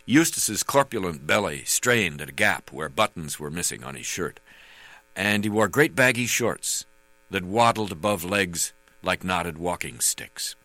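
A man reading his memoir aloud as narrator, halting with frequent fillers. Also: low voice, pushed and bright, no room sound.

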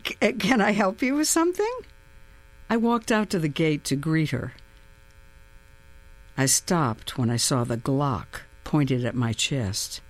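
A woman narrates a first-person story as an audiobook. Her delivery is unhurried and deliberate. Her pitch moves widely and expressively, and it tightens as the suspense builds. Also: no room sound.

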